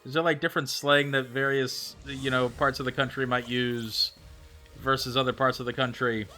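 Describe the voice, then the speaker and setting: Bright, chatty male streamer. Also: medium pitch, flat delivery, normal speed, faint music behind. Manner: chatty, thinks aloud, reads out and answers chat. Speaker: live streamer. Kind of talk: casual chat with viewers while gaming.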